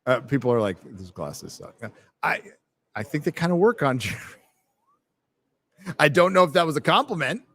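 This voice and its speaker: Man, livestream host, casual and profane, very animated pitch. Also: a little fast, long pauses, slight background noise. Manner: loose and profane, laughs often, reads chat aloud. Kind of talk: casual livestream chat reading donations. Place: fandom bar.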